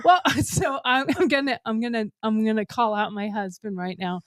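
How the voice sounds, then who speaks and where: A woman's voice: a little high, normal speed, no echo, clean studio sound. Laughing, chatty woman co-host. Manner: laughs often while telling stories, animated. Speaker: podcast co-host. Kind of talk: casual chat.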